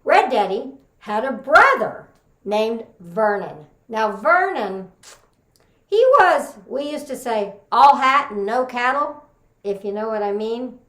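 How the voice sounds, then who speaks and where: A woman's voice: a little high, animated, slow, a bit bright, roomy sound. A woman from Texas giving a humorous contest speech, telling stories full of folksy sayings. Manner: folksy storytelling with Southern sayings. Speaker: contest speaker.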